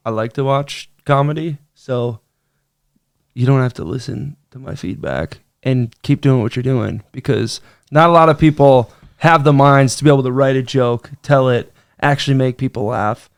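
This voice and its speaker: A man's voice: mid-range voice, moderate pace, no echo. A man guest on a studio podcast, reacting to jokes and giving encouraging feedback in a casual, upbeat way. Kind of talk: casual chat.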